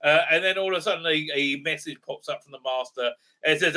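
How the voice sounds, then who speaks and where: A sarcastic man recapping an episode in a loose rant. His voice is high and sharp-edged, and he rambles through fillers and keeps tossing in tag questions. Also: quick pace, few pauses. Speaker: video reviewer. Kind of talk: ranting recap review.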